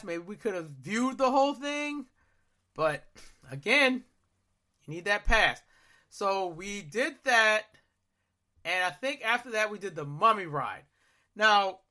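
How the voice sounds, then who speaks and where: A man in his thirties with a high, bright voice tells a story in easygoing podcast chat. He is animated and acts out his own reactions, sometimes breaking into loud shouts. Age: 30s. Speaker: podcast co-host. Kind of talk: casual storytelling.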